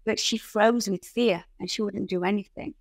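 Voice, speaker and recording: Woman, podcast guest, animated storytelling, dry close sound, middle pitch. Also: moderate pace, creaky, no echo. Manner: animated storyteller who acts out the people in her stories. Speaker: guest, founder of a riding centre.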